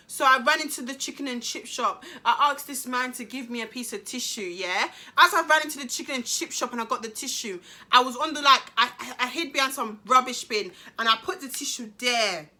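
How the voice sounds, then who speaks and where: A woman's voice: a little high, pushed and bright. A young woman telling a dramatic storytime to her viewers, slangy and repeating phrases for emphasis. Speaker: vlogger. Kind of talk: storytime monologue to camera.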